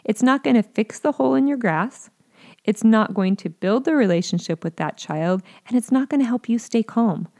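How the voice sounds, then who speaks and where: A woman's voice: a little high, animated, normal speed, mellow. A woman speaking earnestly to parents, teaching how to respond to children with curiosity, sometimes acting out what a parent might say. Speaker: parenting educator.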